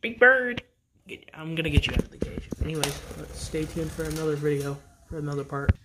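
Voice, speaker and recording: Pet vlogger, baby talk to birds, sing-song coaxing, home by birdcages, mid pitch. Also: little pitch movement, fast, very noisy.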